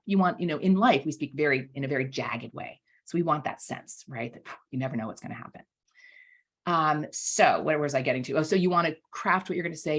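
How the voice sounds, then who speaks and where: A woman with a slightly low, husky voice explains speaking skills as a guest coach in a relaxed podcast chat. She talks in an animated way and keeps checking in with her listener. She repeats key words for emphasis. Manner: animated, often checks in with "right?". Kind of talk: casual podcast interview, explaining.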